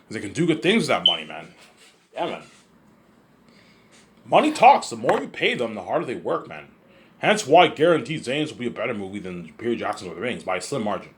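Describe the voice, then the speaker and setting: A male vlogger talking in a loose, rambling monologue. He rushes along, stumbling and repeating himself with casual profanity. His pitch swings up and down in a lively way. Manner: repetitive, profane, stumbles over words.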